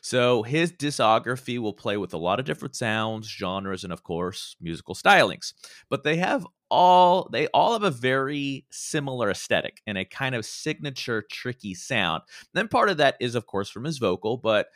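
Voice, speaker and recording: Man, casual music talk, lively pitch, dry close-mic. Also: normal speed, dry recording. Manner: animated, laughs often, restarts words. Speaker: podcast co-host.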